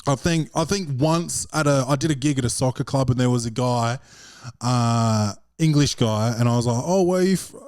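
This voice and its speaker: This Australian man, a stand-up comedian hosting his own podcast, talks casually and profanely, wandering through stories and leaning on slang like a constant "bro." His medium-pitched voice is slightly mellow with fairly even intonation at a moderate pace, captured cleanly in a studio with no room sound.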